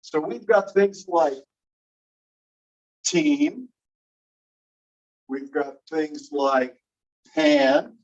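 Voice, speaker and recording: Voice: medium pitch, poor audio. A teacher giving a phonetics lecture in class, patiently quizzing students with questions and spelling out examples. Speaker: linguistics teacher.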